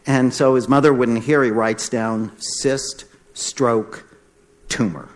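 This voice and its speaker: A man's voice: medium pitch, slow. A middle-aged man, a doctor, giving a storytelling talk and acting out the voices of the people in it. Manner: animated, acts out the voices in his stories. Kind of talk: storytelling lecture.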